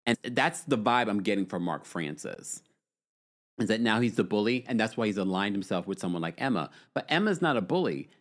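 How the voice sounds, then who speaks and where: Animated, sassy male live-stream host. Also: fairly quick. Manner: animated, sassy, swooping pitch. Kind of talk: live stream chat reading viewer comments.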